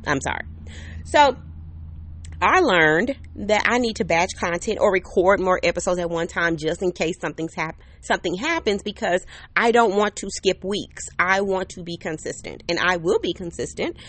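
A woman's voice: fairly low pitch, normal speed, a bit bright. Chatty upbeat woman podcasting outdoors. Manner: chatty and upbeat, talks to listeners directly with many "okay?" and "right?". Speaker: podcast host. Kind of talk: casual solo podcast monologue. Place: outdoors under an umbrella on a patio. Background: neighbor's air conditioner.

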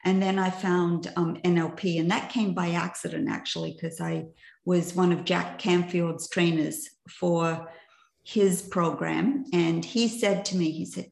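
A woman's voice: lowish voice, fairly even intonation, a little slow, gravelly, darkish tone. An older woman and coach telling her life story in a chatty, self-mocking way, often tossing in "right?" to her listeners. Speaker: coach and presenter. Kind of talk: personal story in a masterclass talk. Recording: echoey room.

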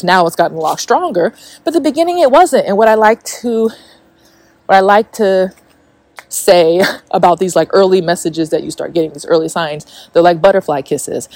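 A woman's voice: mid-range voice, darkish tone, no echo. A woman hosting a casual spiritual podcast, talking in a chatty way with lots of fillers and frequent swearing. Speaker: podcast host.

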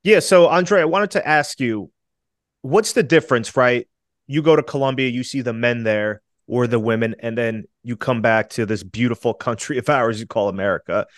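A man's voice: medium pitch, normal speed, no echo, studio quality. A man co-hosting a podcast, giving his opinions in an emphatic, storytelling way. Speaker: podcast co-host. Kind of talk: casual interview chat.

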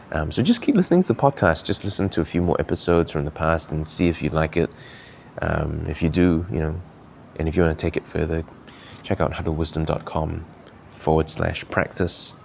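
A man's voice: low voice, gravelly, slight background noise. A man from Malaysia hosting a podcast, giving earnest, encouraging coaching talk while thinking aloud. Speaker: podcast host.

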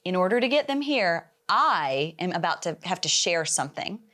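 A woman hosting an interview, asking curious, reflective questions in a relaxed conversational tone. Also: fairly low pitch, normal speed. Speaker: podcast host.

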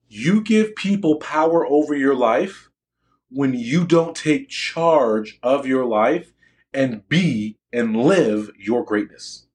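A man's voice: mid-range voice, animated, slow pace, a little mellow. A young adult man giving a motivational talk to students, boastful and emphatic, often asking the audience questions. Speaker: motivational speaker addressing students.

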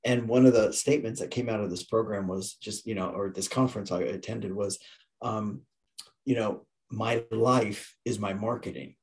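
A man's voice: on the low side, fairly even intonation, moderate pace, darkish tone. A man in his fifties, a leadership coach guesting on a podcast, telling stories earnestly with frequent restarts and repeated words. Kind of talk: conversational storytelling.

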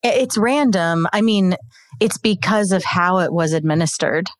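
Lower-voiced woman, halting and reassuring. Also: dry recording. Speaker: conversation partner. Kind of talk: casual chat.

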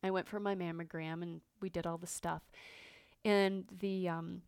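A woman's voice: on the low side, flat delivery, moderate pace, creaky, a little mellow, clean tone, no echo. A woman in her fifties hosting a podcast, telling a personal story in a candid, reflective way with frequent fillers and restarts. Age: 50s. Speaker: podcast host.

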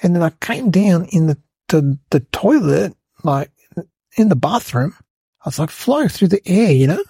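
A man voicing an excitable, rambling young schoolboy, telling a comedic story. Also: sits high, unhurried, vocal fry, husky, dry recording, full character voice. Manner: breathless rambling storyteller, lots of "like" and "guys".

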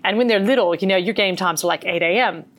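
A middle-aged woman with an Australian accent, a meditation teacher telling her story as an interview guest in an earnest, animated way. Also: medium pitch, quick pace.

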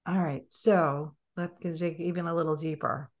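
A woman with a Long Island accent hosts a podcast in a somewhat low voice. She talks conversationally and asks the guest questions. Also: steady tone, moderate pace. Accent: Long Island New York. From Long Island, New York. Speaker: podcast host. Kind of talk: podcast interview.

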